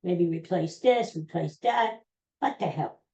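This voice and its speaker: Older man, podcast host, folksy rambling monologue, mellow voice, echoey room. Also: high voice, a little slow, creaky, highs cut off. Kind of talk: casual solo podcast monologue.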